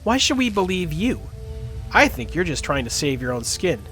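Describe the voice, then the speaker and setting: A cocky, impatient woman smuggler, voiced by a man at a tabletop game. She is gruff and scoffing, and her voice sits slightly high. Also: big pitch swings, moderate pace, a bit bright, faint music behind.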